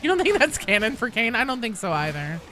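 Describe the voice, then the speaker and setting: Woman, young adult, game streamer, casual chat, swears a lot, bright tone, very lively pitch. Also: quick pace, a little hiss or hum. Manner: animated, swears freely, talks to chat while playing. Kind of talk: casual live-stream chat while gaming.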